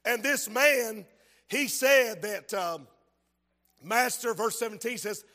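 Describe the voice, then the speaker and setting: A male preacher delivers a fiery revival sermon in a very high, ringing voice. He shouts his points and reads old scripture aloud. His voice carries a long reverb through the church sanctuary. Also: expressive, slow.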